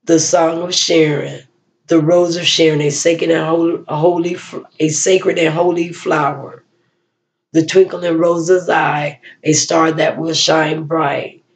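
A woman giving a spoken-word poetry recital and a personal reflection, with slow, measured delivery, pausing often and restarting phrases. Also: low-pitched, level tone.

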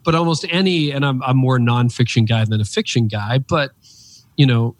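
A man in his fifties, an author and speaker, telling stories in an interview with emphatic, animated delivery. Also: moderate pace. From Canada. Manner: animated, emphatic storyteller with pitch leaps. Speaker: podcast guest, author and speaker. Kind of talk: reflective interview storytelling.

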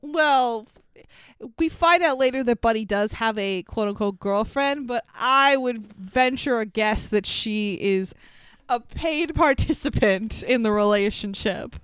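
A woman's voice: fairly high pitch, unhurried, a bit bright, smooth, no echo. A woman co-hosting a podcast, riffing sarcastically on a bad movie, swearing freely and laughing often. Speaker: podcast co-host. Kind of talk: casual movie-riffing chat.

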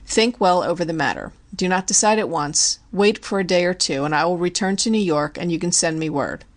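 Woman narrator as a formal, grave district attorney, slightly low voice. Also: a little fast, natural voice. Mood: earnest. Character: stern but moved male district attorney.

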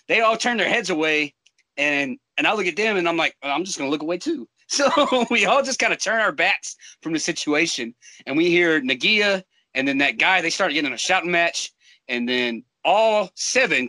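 A young American man casually telling a profane, animated war-buddy story, laughing often. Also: fairly high pitch, no room sound, poor audio.

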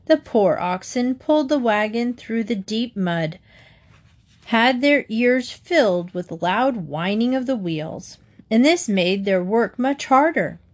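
A woman narrating children's fables in a gentle, measured storybook reading. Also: a little high, animated.

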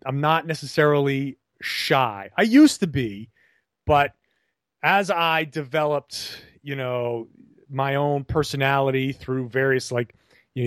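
A man's voice: medium pitch, dry recording. A young man from Rhode Island with a trained, neutral broadcast voice, chatting animatedly in a podcast interview, often restarting his sentences. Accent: neutral General American, trained. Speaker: guest, broadcaster and blogger.

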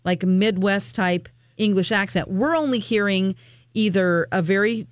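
A woman's voice: medium pitch, measured pace, no room sound. Chatty woman co-host, dry sound. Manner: chatty, animated storytelling. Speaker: radio co-host. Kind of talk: casual chat.

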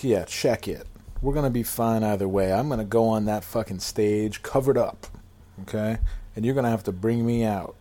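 A man's voice: lowish voice, moderate pace, dark tone. A man co-hosting a podcast in casual chat, rambling, laughing often and swearing. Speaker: podcast co-host.

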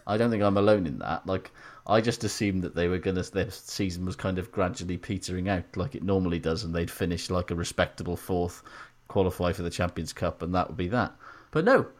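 A man co-hosts a podcast with a somewhat low voice. He talks in a wry, rambling way and laughs often. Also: fairly quick, hardly any pauses. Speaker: podcast co-host. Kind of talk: casual banter.

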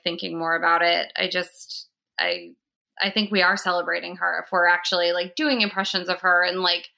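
A woman's voice: mid-range voice, gravelly, pushed and bright. A young woman hosting a podcast, chatting casually with lots of "like" and laughter. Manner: chatty, heavy use of "like", frequent laughter. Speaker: podcast host.

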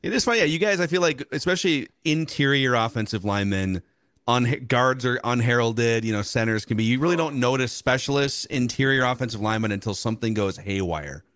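A man hosting a podcast, chatting casually and telling a story with relaxed, dry asides. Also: medium pitch, a little fast, dry recording. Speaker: podcast host.

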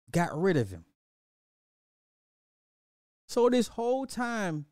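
Recapping a movie with lots of energy, a podcast host with a high, slightly mellow voice repeats phrases and acts out the characters in casual commentary. The recording is studio quality with no echo.

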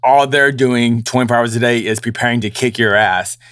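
A man's voice: mid-range voice, fairly even intonation, fairly quick, a bit bright, clear, resonant tone, no room sound, studio quality. A young man who works as a combat sports journalist, chatting casually on a podcast, rambling with lots of restarts and the odd mocking impression.

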